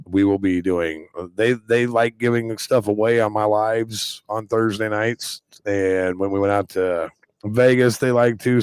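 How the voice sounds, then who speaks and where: Excitable man hosting a live reaction stream. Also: fairly low pitch, clean tone, dry recording. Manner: excitable, rambling, quick exclamations.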